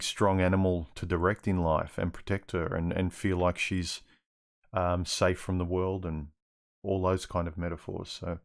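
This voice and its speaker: Deep-voiced man hosting a casual stream. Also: a little mellow. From Australia. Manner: rambling, restarts often, reads chat questions aloud. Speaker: livestream host answering viewer questions. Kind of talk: casual livestream Q&A.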